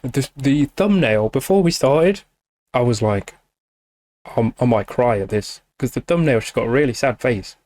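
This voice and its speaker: A man's voice: mid-range voice, animated, normal speed, darkish tone. A man hosting a music reaction video, speaking casually and emotionally, with frequent swearing and fillers. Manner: emotional, gushing, swears freely, many fillers. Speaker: music reaction channel host.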